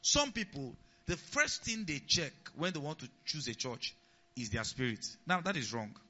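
A male pastor preaching a sermon, often asking the congregation if they follow and repeating key lines, swinging between loud emphasis and quiet asides. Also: on the high side, very animated, normal speed. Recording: long hall reverb, dull lo-fi sound.

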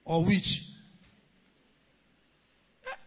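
A man preaching a sermon as a pastor, calling on the congregation to respond and rising to shouts. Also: drawn-out words, low-quality recording.

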